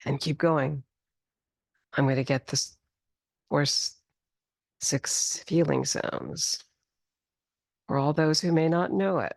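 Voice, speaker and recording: A woman leads a gentle qigong class at a very unhurried pace, her voice carrying a gravelly edge. She gives calm instructions and stretches out each healing sound. The sound is dry and close, with little room echo. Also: sits low. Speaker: qigong and tai chi instructor. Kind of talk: guided movement class. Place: studio class in the city.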